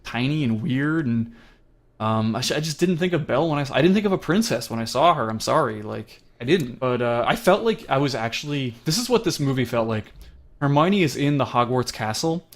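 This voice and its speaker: A man's voice: mid-range voice, fairly quick. A young man co-hosting a casual movie review podcast, rambling and laughing as he talks. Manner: rambling, laughing, animated impressions. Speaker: podcast co-host.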